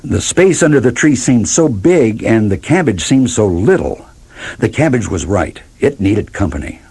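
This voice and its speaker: Man, children's story reading, low husky voice, lively pitch. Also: normal speed. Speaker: narrator. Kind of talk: storybook read-aloud.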